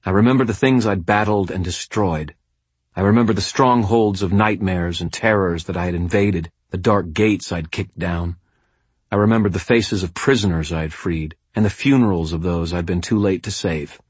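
A man's voice: deep voice, moderate pace, slightly rough, dry recording. A man narrating a first-person audiobook in a tense, gritty storytelling manner.

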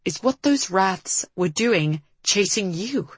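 A woman's voice: fairly low pitch, animated, moderate pace, husky, no echo. A woman voicing a commanding, short-tempered young man who speaks in a strained, accusing way.

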